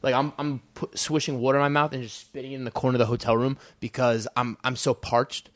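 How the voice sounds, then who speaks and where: A man's voice: medium pitch, level tone, quick pace, no echo. A young man with a North Jersey accent, a fighter chatting casually on a podcast and telling stories in loose, rambling bursts. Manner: loose, rambling storytelling with restarts. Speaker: guest, professional fighter.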